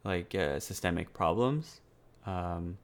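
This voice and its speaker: A man's voice: low voice, lively intonation, takes it slowly. Rambling man in casual chat. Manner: rambling, heavy on fillers and restarts; swears casually.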